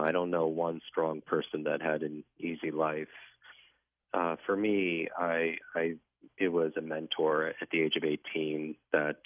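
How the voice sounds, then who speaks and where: Deep-voiced man on a phone line. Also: no echo. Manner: earnest, reflective storyteller. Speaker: guest. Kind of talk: personal storytelling in a radio interview. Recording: dry tinny phone line.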